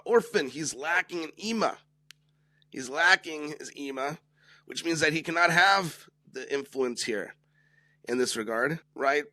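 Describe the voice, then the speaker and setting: A man's voice: on the high side, sharp tone, dry recording. A man teaching a Torah lesson, who keeps asking "right?" to check that listeners follow and acts out the speakers he quotes.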